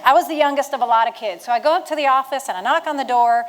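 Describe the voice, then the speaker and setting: A retired Marine, a Virginia woman in her fifties, recounts her life story to veterans in an event room with an audience. Her slightly high voice races with motivational energy, and she animatedly acts out the voices of those she quotes, though the audio is poor.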